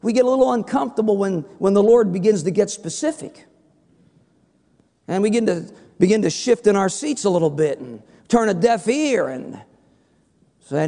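A man preaching a sermon, animated and joking, firing rhetorical questions at his congregation. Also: sits high, moderate pace. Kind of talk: sermon with humorous stories. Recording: long hall reverb.

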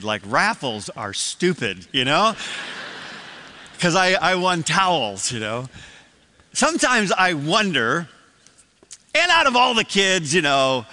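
Older preacher with a bright, echoing voice. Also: male voice, a little high. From Michigan, USA. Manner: storytelling with many restarts and asides. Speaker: pastor. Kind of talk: evening church sermon. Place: church sanctuary.

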